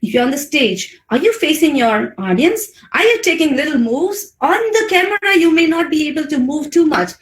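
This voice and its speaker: A woman with an Indian English accent giving a webinar talk on public speaking. She speaks expressively and shows voice modulation with big swings in pitch. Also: sing-song, moderate pace, hardly any pauses, echoey room, rough recording. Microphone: video call mic.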